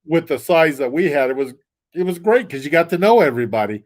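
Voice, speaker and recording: A man's voice: on the high side, very animated, fast, darkish tone. A man talking as a guest on a livestream, rambling in a casual way with lots of restarts and small chuckles. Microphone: desk mic.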